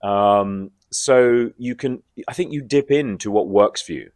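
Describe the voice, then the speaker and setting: A man, a guest actor in a convention interview, talking in a reflective, animated way. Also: medium pitch, measured pace, no room sound, clean studio sound. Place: convention floor.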